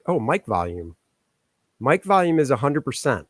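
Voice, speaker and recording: A man's voice: mid-range voice, big pitch swings, fairly quick, dry recording. A man hosting a live stream as a comic artist, chatting casually and muttering jokes while he fiddles with his microphone settings. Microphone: microphone on a stand.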